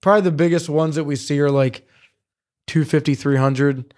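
A man telling hunting stories in casual studio chat, profane and animated. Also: fairly high pitch, moderate pace. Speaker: podcast co-host.

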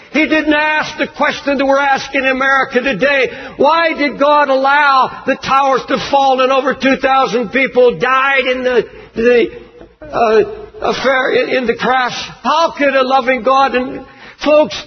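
Impassioned high-voiced male preacher. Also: fairly even intonation, a little slow. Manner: impassioned, rising to shouts, reads scripture in lowered voice. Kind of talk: sermon. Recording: dull lo-fi sound with faint ambience.

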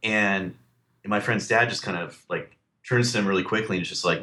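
A man's voice: fairly low pitch, fairly quick, bright, forceful tone. A man telling a personal story in a casual chat, full of fillers and acting out what people said. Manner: rambling with many fillers, acts out quoted lines.

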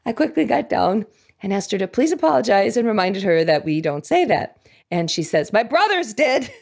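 A woman's voice: a little high, vocal fry, darkish tone. A middle-aged woman telling a personal story in a devotional talk. She talks in a chatty, reflective way, laughs at herself and sometimes loses her thread. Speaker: devotional speaker.

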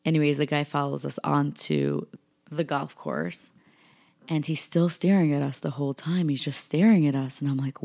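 A young woman from New York telling a personal story in an animated way, full of fillers and acted-out quotes. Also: low-pitched, normal speed, creaky. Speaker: vlogger.

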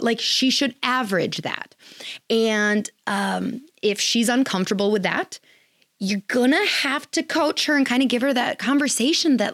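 A woman's voice: on the high side, a bit bright, no room sound, clean studio sound. A woman hosting a podcast, giving blunt, candid advice in a casual chatty way with plenty of fillers. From Wisconsin, US. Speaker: podcast host advising chiropractors.

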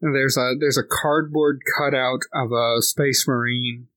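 A man's voice: mid-range voice, fairly even intonation, a little slow, a bit bright, dry recording. A middle-aged man hosting a podcast, chatting in a laid-back, wry way about tabletop gaming. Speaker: podcast host.

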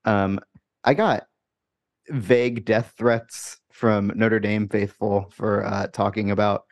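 A man co-hosting a sports podcast, talking in a casual, wry, halting way. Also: on the low side, fairly even intonation. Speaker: podcast co-host. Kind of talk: casual chat.

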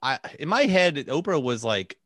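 Co-hosting a podcast, this man rambles through casual chat and laughs often. His voice is a little high, fairly bright, and very animated at a moderate pace, captured dry with clean studio sound.

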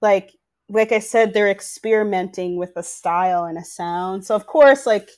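A woman's voice: mid-range voice, moderate pace, a little mellow. A woman in casual chat, speaking in loose, rambling phrases with constant fillers.

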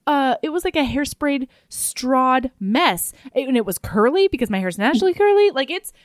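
A woman's voice: high voice, lively intonation, moderate pace, no echo, clean studio sound. A young woman co-hosting a book podcast, chatting candidly and bluntly, swearing freely. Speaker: podcast co-host discussing a book. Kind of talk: casual chat.

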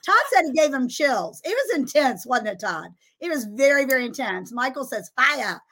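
A woman's voice: high-pitched, sing-song, moderate pace, a bit bright, a little hiss or hum. Chatty, upbeat woman host. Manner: enthusiastic, chatty, laughs often. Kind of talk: casual live broadcast interview.

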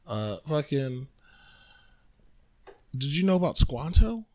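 A man's voice: fairly high pitch, slow, dry recording. Foul-mouthed joking man hosting a podcast. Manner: profane, joking, animated. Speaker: podcast host. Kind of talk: casual podcast chat.

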